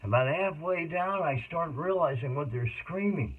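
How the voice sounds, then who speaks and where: A man's voice: a little high, expressive, normal speed, breathy edge. Rambling middle-aged man, tinny sound. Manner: rambling, jumps between tangents. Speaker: autobiographical monologue speaker. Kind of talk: rambling personal monologue. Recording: tinny phone-like audio.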